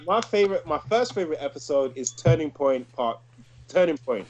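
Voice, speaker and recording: Guy co-hosting a podcast, bit high-pitched, acts out lines as he goes, really animated. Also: fairly quick. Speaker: podcast co-host. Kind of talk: casual chat.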